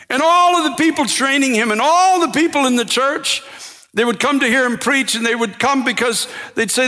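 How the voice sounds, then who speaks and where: Brief: male preacher, impassioned sermon, high bright tone, big reverberant hall. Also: fairly quick. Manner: impassioned, builds to shouting.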